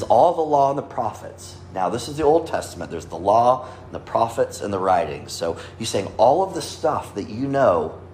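A pastor preaches earnestly in an echoey room with faint ambience, quoting scripture and raising or lowering his voice to stress points. His voice is fairly low and a little mellow, with slight background noise.

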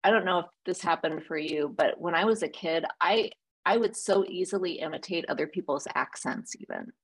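Woman, low pitch, husky, gravelly, thoughtful host. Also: brisk, poor audio. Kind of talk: casual conversational interview.

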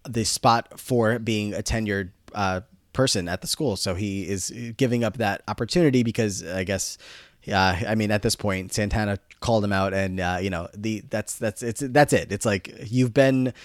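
A man's voice: on the low side, no room sound, studio quality. A man co-hosting a podcast, casually recapping a TV episode with plenty of fillers. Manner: relaxed, filler-heavy storytelling. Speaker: podcast co-host.

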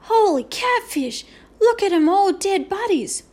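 Storybook figure: woman reads a shrill, timid little cowboy, very high and slow. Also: big pitch swings, a little mellow, heavily acted. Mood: horrified. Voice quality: squeaky.

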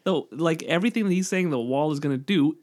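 A man from Canada co-hosting a podcast, chatting about politics in a halting way, often pausing to search for words. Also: on the high side, a little mellow. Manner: halting, full of fillers and restarts. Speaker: podcast co-host. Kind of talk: casual political chat.

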